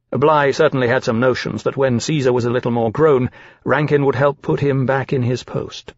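A male narrator reading a novel aloud in a steady, formal way, his voice husky and mid-pitched. The recording is dry and close, with a slightly dull, muffled top end. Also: no echo. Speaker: audiobook narrator. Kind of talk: scripted narration.

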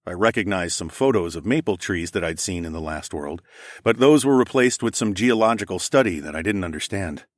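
A man tells a first-person story as an audiobook narrator, in a relaxed and casual manner. His voice sits low, and the recording is dry and close. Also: a little fast, no room sound.

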